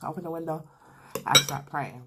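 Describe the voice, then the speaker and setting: A young woman with a low-pitched voice tells a story on camera in a loose, slangy way, talking straight to her viewers between bites. A faint hiss of background noise sits under her voice. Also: brisk. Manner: animated, slangy storytelling with laughs. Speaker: mukbang vlogger. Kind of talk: casual storytime while eating.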